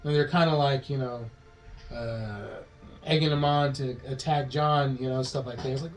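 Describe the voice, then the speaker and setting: On a podcast, a male co-host rambles through a movie plot pitch, swearing as he goes and acting out the characters' lines in quickly changing voices. His intonation is fairly even, and the audio is poor.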